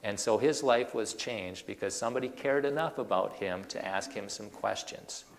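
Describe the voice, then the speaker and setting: Gravelly-voiced male speaker, animated and folksy, lots of rhetorical questions, long hall reverb. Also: fairly low pitch, normal speed. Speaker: creationist speaker. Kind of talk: presentation to an audience.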